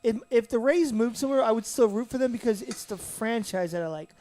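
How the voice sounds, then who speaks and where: A man's voice: very high-pitched, expressive, brisk, darkish tone. A man with a Southern US accent co-hosting a casual sports podcast, rambling and correcting himself as he talks. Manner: rambling, self-correcting, easygoing. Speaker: podcast co-host.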